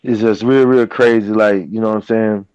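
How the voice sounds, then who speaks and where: A man's voice: fairly low pitch, fairly even intonation, normal speed, a little mellow, clean tone, dry recording. A man in a casual online panel chat, talking loosely with slang and frequent fillers. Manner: loose, slangy, keeps saying "you know what I'm saying". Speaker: panel guest. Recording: dry lo-fi call audio.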